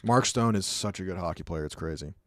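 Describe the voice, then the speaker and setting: A man's voice: deep voice, brisk, a bit bright. Chatty young man breaking down hockey. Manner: chatty, rambling, acts out sounds, many fillers. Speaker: streamer breaking down hockey clips. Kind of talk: casual commentary.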